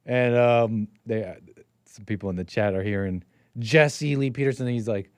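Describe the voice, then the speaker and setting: A man hosting a call-in livestream, talking casually to his chat, rambling and teasing, with sudden loud bursts and mumbled asides. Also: mid-range voice, moderate pace, no room sound, clean studio sound. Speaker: host of a call-in livestream show.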